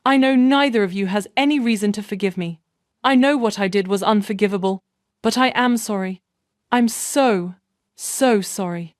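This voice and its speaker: A woman's voice: mid-range voice, normal speed, dry recording, studio quality, close to an everyday voice. A woman reading as an ashamed, apologetic wife. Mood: contrite. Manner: tearful, apologetic.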